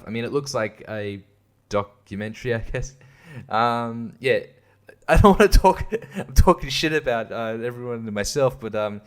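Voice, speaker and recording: A young man hosting a casual monologue, rambling and swearing, often laughing at himself. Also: medium pitch. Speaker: host.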